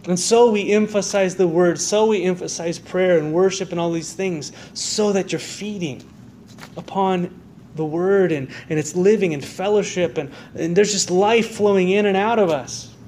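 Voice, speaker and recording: A man's voice: high voice, moderate pace, a little mellow, a little hiss or hum. A man preaching a sermon as pastor, with an American accent, earnest and full of rhetorical questions and restarts. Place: church sanctuary.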